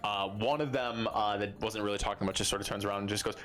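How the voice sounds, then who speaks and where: A man's voice: fairly low pitch, fairly even intonation, fast talker, fairly bright tone, faint music behind. A man narrating a tabletop game as game master in a loose, filler-heavy way.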